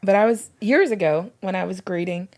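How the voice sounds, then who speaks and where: A middle-aged woman with a medium-pitched voice talks a little fast as she co-hosts a casual faith podcast. A former pastor's wife, she tells church stories and acts out their dialogue in lively voices.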